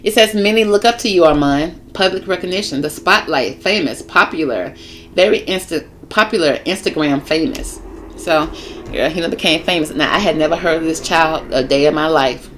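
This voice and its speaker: A woman's voice: low-pitched, moderate pace, a bit bright, a little hiss or hum. A woman host giving a casual, chatty tarot reading, talking straight to her viewers in a sassy way. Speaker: tarot reader and show host.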